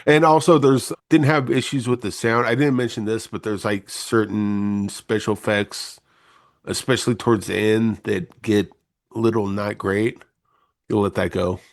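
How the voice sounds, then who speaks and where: A man reviewing films on a casual podcast, talking in a low, monotone, laid-back way. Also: moderate pace, gravelly, no room sound, studio quality. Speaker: film reviewer, co-host.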